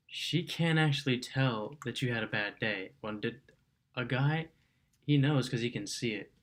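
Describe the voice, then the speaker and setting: A man's voice: medium pitch, moderate pace. A man who is a coaching client, talking casually and hesitantly about what he learned. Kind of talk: casual testimonial.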